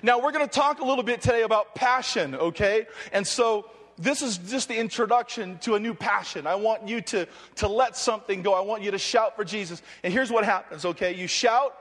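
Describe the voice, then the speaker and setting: A man's voice: sits high, fairly quick, a bit bright. A man preaching and praying fervently to a live audience, joking and rousing the crowd. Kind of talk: energetic sermon with prayer. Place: large hall with live audience. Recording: long hall reverb.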